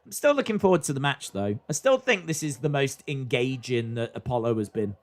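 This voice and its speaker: A man's voice: mid-range voice, lively intonation, fairly quick. A man hosting a live stream, chatting casually as he reacts to a wrestling show and reads viewer comments aloud.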